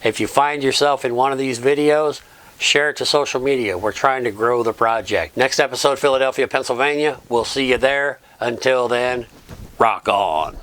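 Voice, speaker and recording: A man's voice: medium pitch, steady tone, moderate pace, a bit bright. Middle-aged male vlogger, casual earnest recap, mid-range voice. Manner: plain, earnest recap with thanks to friends. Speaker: vlog host. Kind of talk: casual travel vlog narration.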